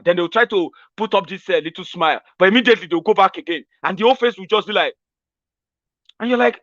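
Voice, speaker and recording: A man's voice: high voice, lively intonation, fast talker, sharp tone, no room sound, muffled recording. A man with a Nigerian accent, a political commentator talking in a casual monologue, acting out street exchanges in pidgin.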